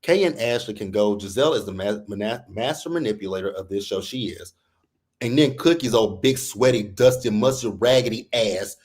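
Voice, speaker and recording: A reality TV recap host with a lowish male voice talks at normal speed in a heated, casual rant. He's profane, animated and exasperated, quoting people in exaggerated put-on voices.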